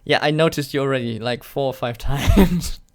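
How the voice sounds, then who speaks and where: Speaking at a moderate pace in a mid-range, slightly mellow voice, a young German-accented man, a native German speaker, runs a laid-back live stream for his YouTube channel. He reads chat questions out loud and responds with sarcasm and jokes, laughing frequently.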